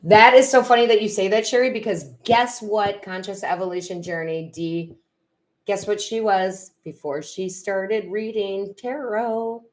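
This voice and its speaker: A woman's voice: medium pitch, measured pace. A middle-aged woman, chatting casually on a live stream as a tarot reader and medium, reading viewers' comments aloud, laughing and getting emotional.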